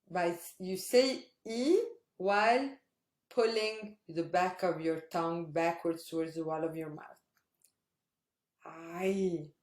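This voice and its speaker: Woman, language teacher, patient, slow repetition, low-pitched, roomy echo. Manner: patient, repeats sounds slowly for practice. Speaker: Arabic pronunciation teacher. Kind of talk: online language lesson.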